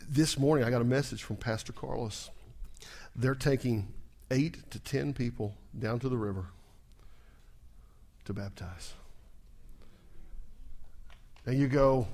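A man preaching a sermon as pastor, working the congregation with repeated call-and-response lines and swinging from soft asides to loud, rising exclamations. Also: mid-range voice, moderate pace.

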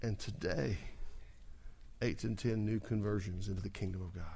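A man preaching a sermon as pastor, working the congregation with repeated call-and-response lines and swinging from soft asides to loud, rising exclamations. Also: fairly low pitch, moderate pace, creaky, a little hiss or hum.

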